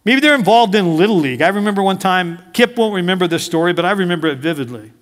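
Man preaching, high voice, middle-aged, chatty sermon with questions to the crowd, long hall reverb. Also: expressive, fast talker. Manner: conversational preaching with audience questions and humor. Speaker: pastor.

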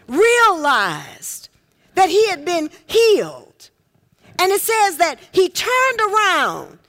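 A woman preaching a sermon with call and response, folksy and direct, swinging from shouts to near-whispers. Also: very high voice. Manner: folksy, talks directly to the congregation.

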